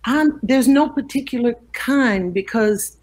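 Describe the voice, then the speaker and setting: Animated older woman telling stories. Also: a little high, unhurried. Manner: animated storyteller, acts out quoted voices. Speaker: interview guest, actress. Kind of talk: casual storytelling interview.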